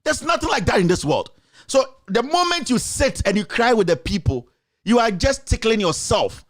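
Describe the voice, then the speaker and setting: Guy, high voice, fired up political rant, keeps hammering the same point. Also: big pitch swings, normal speed. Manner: urgent, forceful and repetitive, rising to shouts. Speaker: political commentator. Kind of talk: impassioned political commentary.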